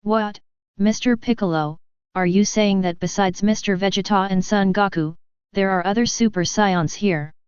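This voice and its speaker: A polite young male fighter who is easily startled, as a woman's synthetic voice reads him. The sound is very smooth. The recording is dry and slightly dull. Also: mid-range voice, moderate pace, dry recording, close to an everyday voice. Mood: surprised. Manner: polite, surprised. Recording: slightly muffled dry read.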